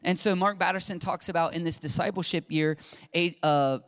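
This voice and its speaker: A man's voice: high-pitched, brisk. A man in his forties giving an informal, earnest sermon-style talk on faith and parenting, acting out quotes as he goes. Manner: earnest, lively, acts out quotes. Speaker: Christian speaker on parenting.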